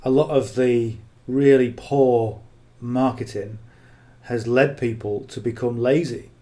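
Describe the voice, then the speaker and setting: A man's voice: mid-range voice, steady tone, slow, dark tone. A man coaching on marketing in casual, unscripted talk, blunt and earnest, who keeps checking in with "okay?".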